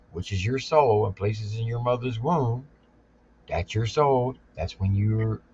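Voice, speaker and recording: A man's voice: lowish voice, dull audio, a little hiss or hum. A man hosting a casual reaction chat, blunt and a little profane, laying out his views patiently with questions. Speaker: reaction channel host.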